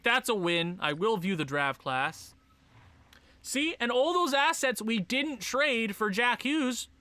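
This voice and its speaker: A high, lively young man chatting through a sports video game, talking straight to his players and swinging up into shouts. His tone is bright and a little sharp, and the close mic sounds dry with no room around it. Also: clear, resonant tone, no room sound. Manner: excitable, talks to his players, bursts into shouts and laughs. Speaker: gaming YouTuber. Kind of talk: casual gameplay commentary.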